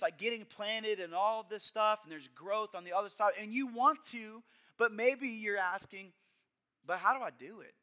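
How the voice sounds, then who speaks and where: A young adult man preaching a sermon, telling a personal story with hushed asides and loud emphatic bursts. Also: sits high. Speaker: pastor.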